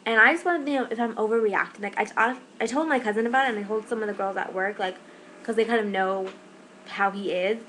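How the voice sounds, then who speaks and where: Young woman ranting fast on her vlog, lots of "like", bit of background hiss. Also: mid-range voice, a bit bright, low-quality recording. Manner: fast, rambling, exasperated retelling with many "like"s. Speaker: shift manager. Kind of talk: casual vlog storytelling.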